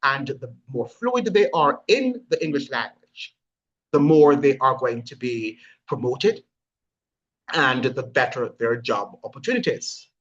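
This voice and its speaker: A man's voice: mid-range voice, expressive, unhurried, a bit bright. A man giving emphatic opinion commentary, lecturing and asking rhetorical questions. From Jamaica. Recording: husky voice, dull lo-fi audio.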